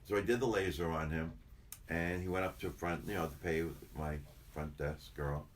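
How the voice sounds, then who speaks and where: A man's voice: extremely low pitch, fairly even intonation, moderate pace, a little hiss or hum. An older man, a chiropractor, chatting casually in an interview, rambling and repeating himself as he tells stories. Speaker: chiropractor guest.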